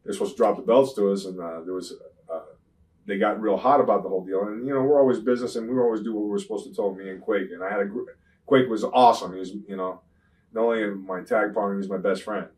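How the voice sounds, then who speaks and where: An older man, a retired wrestler, telling rambling profane stories in an interview, often saying "you know what I'm saying" and getting loud when he retells fights. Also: fairly low pitch, fast, distant mic, low-quality recording. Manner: grows loud and animated when retelling confrontations. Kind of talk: shoot interview storytelling.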